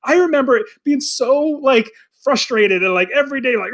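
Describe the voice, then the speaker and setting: A middle-aged man talking casually on a podcast, his voice sitting high for a man. He is animated, often slipping into quoted voices and lines to act out what he describes. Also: normal speed. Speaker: podcast co-host.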